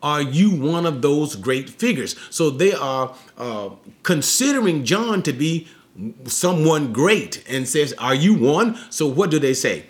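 A man's voice: on the high side, expressive, unhurried. A man giving an expository Bible lesson, explaining a passage step by step and often checking in with the listeners. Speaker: Bible teacher.

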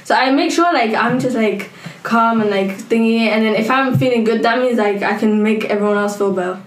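A young woman co-hosting a podcast in casual chat, talking with many fillers. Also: fairly high pitch. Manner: chatty, fast, many "like" fillers. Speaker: podcast co-host. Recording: echoey room.

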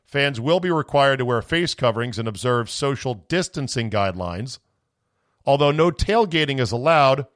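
A man's voice: mid-range voice, no room sound. Man, podcast host, sarcastic sports rant, strained voice, dry close sound. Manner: sarcastic, indignant, swings into shouting. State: voice going from screaming. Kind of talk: ranting sports talk.

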